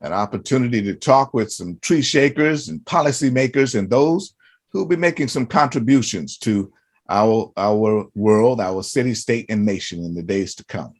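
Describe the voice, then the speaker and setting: A man's voice: mid-range voice, lively intonation, moderate pace. A man hosting an interview show, asking long, rambling questions full of restarts and fillers. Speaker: host.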